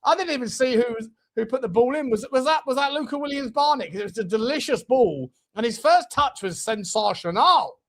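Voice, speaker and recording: A man's voice: extremely high pitch, lively intonation, fairly quick, few pauses, fairly bright tone. A man hosting a live football watchalong for fans, chatting casually, swearing and laughing often. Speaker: fan channel host. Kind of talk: live match watchalong chat.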